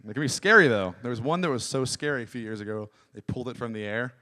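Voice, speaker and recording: A man's voice: mid-range voice, lively intonation, quick pace, pushed and bright. Man doing a rambling stand-up set. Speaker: stand-up comic. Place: small comedy venue.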